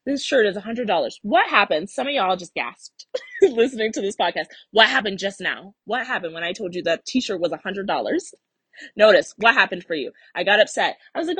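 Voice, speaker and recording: A young woman coaching listeners on her own podcast, her pitch swinging up and down as she acts out their inner voices. Her voice is slightly husky and the sound is dry and close. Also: big pitch swings, moderate pace, a bit bright, no room sound. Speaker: life coach and podcast host. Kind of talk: solo podcast talk.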